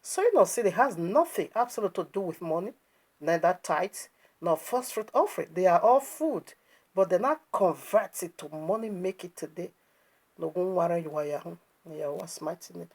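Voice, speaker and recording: A woman's voice: on the low side, a little mellow, husky. A woman preaching, emphatic and scornful, asking rhetorical questions as she critiques a video. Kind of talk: sermon commentary on a video.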